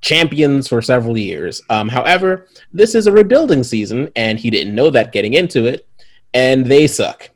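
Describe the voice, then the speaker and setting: Animated man, lively joking podcast chat. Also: mid-range voice. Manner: animated, laughs often, drawn-out sarcasm. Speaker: podcast co-host. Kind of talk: casual chat reviewing a movie.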